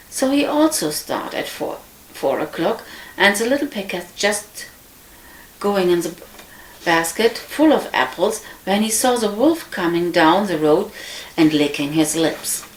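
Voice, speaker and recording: A woman reading a fairy tale aloud in an unhurried manner, with frequent slips and restarts. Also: lowish voice, animated. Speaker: storyteller. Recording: echoey room.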